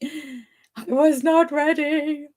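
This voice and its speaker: A woman's voice: high-pitched, fairly even intonation, extremely slow, warm tone. A woman hosting a live reading sprint, chatting casually and greeting commenters by name, often laughing. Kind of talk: casual live-stream chat.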